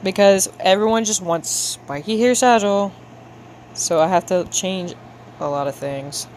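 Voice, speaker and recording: A woman's voice: medium pitch, measured pace, darkish tone, slight background noise. A young woman chatting casually with her viewers while she draws on a livestream, playful and slangy, making a show of being frustrated. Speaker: livestreamer drawing for chat.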